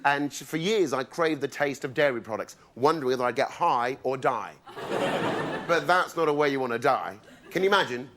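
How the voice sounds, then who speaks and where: A man's voice: medium pitch, expressive, a little fast. A man performing a stand-up routine in a live venue, delivering wry punchlines and mimicking other people. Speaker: stand-up comedian. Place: live comedy venue with audience. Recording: live stage mic with loud audience laughter.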